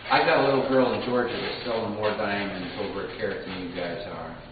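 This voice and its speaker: A man's voice: fairly low pitch, a little fast, noisy background. A man giving a live sales training seminar, telling stories with energy and acting out customers' lines. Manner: animated storyteller, acts out customers' lines. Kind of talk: live seminar talk to a class. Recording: dull, echoey hall from far off.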